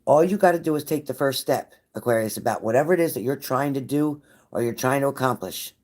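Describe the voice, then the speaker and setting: A woman's voice: very deep voice, quick pace, a little mellow. A woman giving a live tarot reading to viewers, blunt and profane, with a pep-talk delivery that repeats phrases for emphasis. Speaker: tarot reader.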